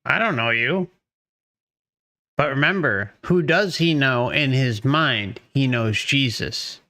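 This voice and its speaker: A man's voice: mid-range voice, slow pace, bright, forceful tone. A man hosting a commentary video, reacting emphatically to a clip and repeating his points. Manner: emphatic, repeats himself, cheers the speaker on. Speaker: channel host commenting on a clip.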